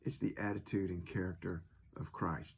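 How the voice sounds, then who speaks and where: A man's voice: deep voice, fairly even intonation, normal speed, creaky, breathy edge, dull audio. A man giving an informal, folksy sermon, retelling scripture in his own conversational words. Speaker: preacher.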